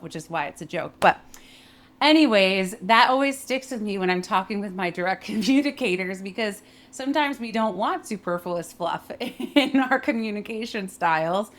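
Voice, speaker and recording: A young adult woman teaching workplace communication in a clear, emphatic way, modeling pitch and phrasing as she explains. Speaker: voice and communication coach. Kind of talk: instructional talk with spoken demonstrations.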